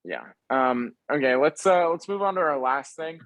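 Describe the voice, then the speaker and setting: A man's voice: mid-range voice, animated, moderate pace, fairly bright tone, dry recording, poor audio. Laid-back young man chatting about sports. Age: young adult. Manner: rambling, laid-back, lots of fillers. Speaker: podcast co-host. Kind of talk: casual sports chat.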